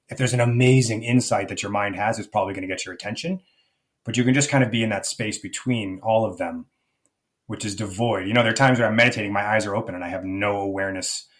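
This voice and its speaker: A middle-aged man speaking as a life coach guest in an interview, thoughtful and searching, often restarting his sentences. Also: lowish voice. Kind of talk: reflective conversational interview.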